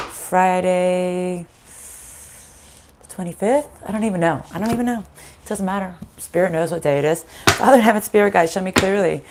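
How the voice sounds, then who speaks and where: A woman's voice: on the low side, noisy background. A woman giving a casual live spiritual tarot reading in her morning voice, chatty and laughing often. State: morning voice, needs warming up. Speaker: spiritual reader. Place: sunny room at home.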